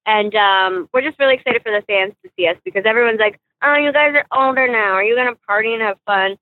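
A woman calling in by phone from a car, chatting in a brash, loud, bubbly way. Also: fairly high pitch, quick pace. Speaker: guest. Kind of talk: casual chat. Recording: tinny phone line.

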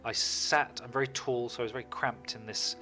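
A man, a guest telling animated, jokey stories in a casual interview. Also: medium pitch, brisk, faint music behind.

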